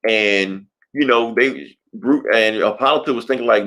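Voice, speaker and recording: A man's voice: mid-range voice, moderate pace, fairly bright tone. A man co-hosting a podcast, casually recapping a comic book plot in a loose, profane storytelling way. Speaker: podcast co-host.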